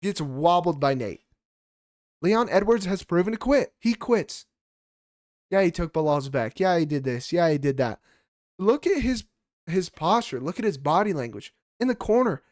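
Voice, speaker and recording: A man's voice: high-pitched, expressive, moderate pace, darkish tone, dry recording, studio quality. A man co-hosting a casual fight-picks podcast, giving blunt, heated, profane opinions. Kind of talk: casual sports chat.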